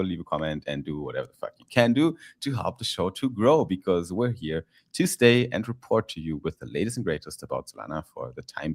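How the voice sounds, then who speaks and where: Low-voiced guy hosting a stream, easygoing, lots of ums, dry close sound. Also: dry recording. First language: German. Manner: laid-back, laughing, fillers. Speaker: podcast host. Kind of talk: casual live-stream chat.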